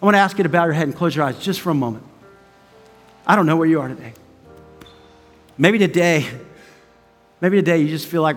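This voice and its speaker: High-voiced middle-aged male pastor preaching. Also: brisk, pauses often. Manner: conversational and earnest, storytelling with asides. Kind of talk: sermon. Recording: long hall reverb with faint music.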